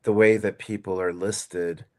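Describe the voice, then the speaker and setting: A man co-hosting a podcast, explaining in a measured way with some hesitant fillers. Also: deep voice, fairly even intonation. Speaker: podcast co-host. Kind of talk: casual chat.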